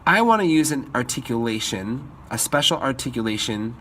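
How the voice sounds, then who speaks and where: A man's voice: mid-range voice, expressive, normal speed, a bit bright, a little hiss or hum. Upbeat man teaching music composition. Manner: upbeat, sings melodies in scat syllables. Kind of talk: screen-recorded composition tutorial.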